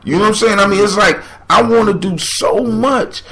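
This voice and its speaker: A man's voice: high-pitched, moderate pace, fairly bright tone. A man hosting a podcast, giving motivational commentary on a folk tale with preachy, emphatic repetition. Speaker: podcast host.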